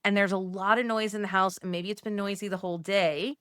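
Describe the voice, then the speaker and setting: A woman's voice: mid-range voice, fairly even intonation, fairly quick, clear, resonant tone, dry recording. Chatty woman coaching moms, dry sound. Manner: conversational, frequent "like", gently coaching. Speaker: Catholic motherhood coach. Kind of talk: casual teaching talk.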